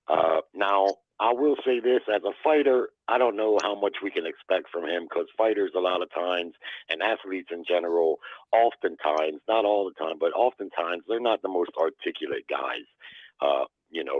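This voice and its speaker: Low-voiced man calmly making his point over a phone-quality line. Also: moderate pace, no echo. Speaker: panelist. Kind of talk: barbershop debate.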